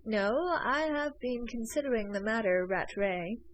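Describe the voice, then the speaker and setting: A woman reading an audiobook voices a stubborn young man who speaks calmly and firmly. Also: fairly high pitch, unhurried, lo-fi sound. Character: young male narrator hero, cool and stubborn.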